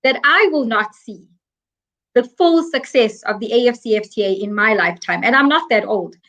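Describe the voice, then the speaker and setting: An African woman with a high voice speaks as an interview guest. She explains with emphasis and earnest repetition, driving each point home. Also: animated, normal speed, fairly bright tone. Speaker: guest expert on African trade.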